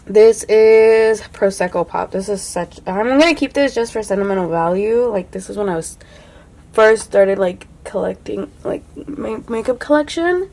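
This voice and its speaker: A woman's voice: mid-range voice, noisy background. Chatty young woman beauty vlogger. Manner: chatty, full of "like", drops to a soft hush when admiring products. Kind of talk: casual makeup declutter chat.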